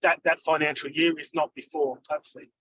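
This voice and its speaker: A man, a council staff member giving a quick, reassuring answer in an online meeting. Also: fairly high pitch, level tone, a bit bright, no echo, rough recording. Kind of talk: answering a question in a webinar.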